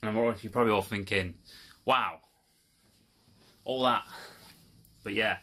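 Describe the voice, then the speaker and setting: A man's voice: fairly low pitch, normal speed, long pauses, pushed and bright. A man telling a rambling, swearing, exasperated story to his viewers in a casual vlog. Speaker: video creator. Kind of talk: casual rant to camera.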